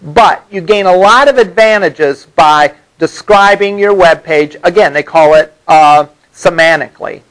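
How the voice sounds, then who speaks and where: Male lecturer with a high voice, patient and explanatory, classroom lecture recording. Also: measured pace, hardly any pauses, fairly bright tone, poor audio. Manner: explanatory, repeats "all right?" to check understanding. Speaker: college instructor.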